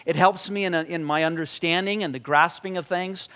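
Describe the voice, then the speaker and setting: A man preaching a sermon, animated and conversational, often restarting his sentences. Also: high voice, brisk, clean tone. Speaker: pastor.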